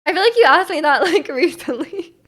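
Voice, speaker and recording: A woman's voice: very high-pitched, lively intonation, fairly quick, fairly bright tone. A young woman streaming and chatting casually with her viewers, rambling and filling her talk with "like" and little laughs. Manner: rambling, heavy use of "like", frequent laughs.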